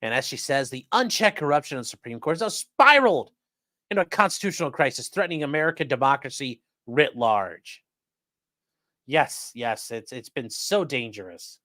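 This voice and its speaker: Brief: male livestream host, sarcastic and rambling, dry close sound, mid-pitched. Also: very animated, normal speed, bright, forceful tone, no room sound. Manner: sarcastic, rambling, talks to chat. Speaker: host of a live-streamed legal news show. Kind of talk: casual livestream commentary.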